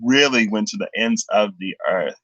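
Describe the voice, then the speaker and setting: A man's voice: lowish voice, normal speed, dry recording, dull audio. Chatty man giving a tarot reading. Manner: chatty, thinking aloud, animated retelling. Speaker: tarot reader.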